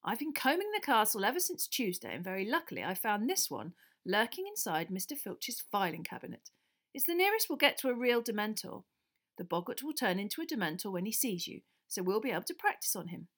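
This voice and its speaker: A calm, kindly male wizard teacher, voiced by a woman reading aloud, explaining things patiently and evenly. The delivery stays measured, close to the reader's own voice. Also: medium pitch. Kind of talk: audiobook character voice.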